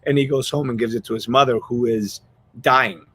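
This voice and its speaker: A man's voice: mid-range voice, steady tone, normal speed, fairly bright tone, breathy edge. A man hosting a podcast, telling a story in a rambling, earnest way with many restarts, choked up with emotion. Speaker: podcast host. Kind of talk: casual storytelling chat.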